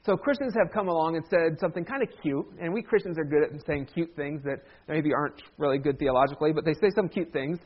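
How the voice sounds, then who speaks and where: A man's voice: on the high side, fast talker, few pauses, breathy edge, dull audio. A man preaching a sermon as a pastor, talking in a conversational way with humorous asides.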